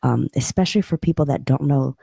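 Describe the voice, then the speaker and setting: A co-host in a casual reaction chat, speaking softly and keeping the voice down. The tone is mellow and warm, recorded close and dry. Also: medium pitch, fairly quick, gravelly, husky, dry recording.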